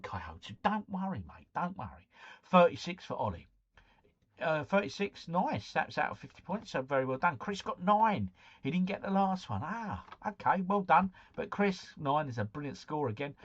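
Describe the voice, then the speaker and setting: A man's voice: medium pitch, fairly bright tone, breathy edge. Chatty man on a slightly dull stream. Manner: chatty, reads out viewers' quiz scores, bursts into bits of song. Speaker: live-stream host. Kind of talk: casual live-stream chat.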